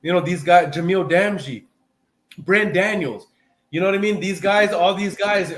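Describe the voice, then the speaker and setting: A man with a fairly high voice coaches on a live video call, animated and fond of repeating himself for emphasis. His voice rings around an echoey room. The call has a loose, casual chat feel. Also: moderate pace, slight background noise. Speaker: host and sales coach.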